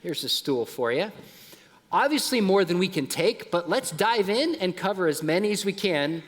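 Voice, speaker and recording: A middle-aged man giving a lively talk at a youth conference, dropping soft and low at emotional points. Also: moderate pace, in a large hall. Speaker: conference speaker. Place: large conference hall.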